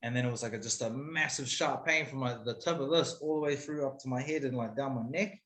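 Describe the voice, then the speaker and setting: A man tells his story openly and casually, cursing freely as he goes. His voice is bright and tense at the edges. The recording carries a noticeable room echo. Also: medium pitch, fast. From New Zealand. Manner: candid, swears freely, animated retelling. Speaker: guest, MMA fighter. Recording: roomy echo.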